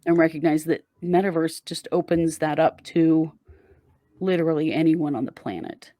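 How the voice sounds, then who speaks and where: A woman's voice: low voice, normal speed, warm tone, no room sound. A woman co-hosting a casual true crime podcast, earnestly warning listeners and laughing easily at jokes. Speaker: podcast co-host.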